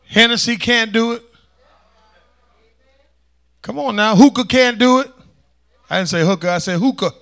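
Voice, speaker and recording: A man preaching a sermon as pastor, calling for responses from the congregation and swinging between loud emphasis and hushed asides. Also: extremely high pitch, a little slow, long pauses, clean tone.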